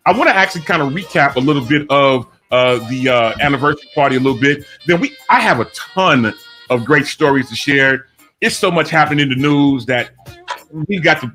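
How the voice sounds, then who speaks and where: A man hosting a live online radio show, chatting casually and giving listeners shout-outs. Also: a little high.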